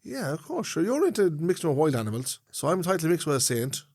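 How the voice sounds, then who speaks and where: A man's voice: on the high side, very animated, fast talker, darkish tone, slightly rough, no room sound. Devout Irish man, dry close voice. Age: 50s. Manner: earnest, devout, speaks of faith with conviction. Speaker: podcast co-host. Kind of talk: casual chat.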